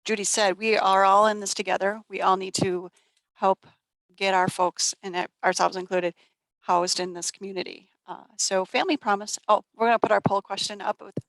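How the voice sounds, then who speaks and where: A woman presents her family shelter's work to a community gathering. Her voice has a gravelly edge, and the sound is dry and close. She speaks haltingly, with frequent fillers and restarts. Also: medium pitch, steady tone, a bit bright, dry recording, rough recording. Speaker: nonprofit shelter staff.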